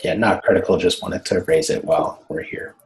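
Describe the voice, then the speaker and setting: A man's voice: low voice, a little fast. A man on a video call reporting a technical issue in a matter-of-fact, casual way. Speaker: meeting participant. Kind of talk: casual online meeting talk.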